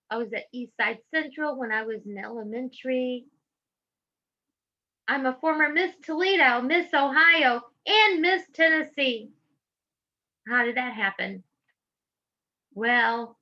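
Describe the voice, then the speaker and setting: A woman's voice: high-pitched, bright, forceful tone, highs cut off. A middle-aged woman from Georgia with a Southern accent, giving impassioned public testimony in a fervent, preacherly way. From Georgia, USA. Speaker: public speaker.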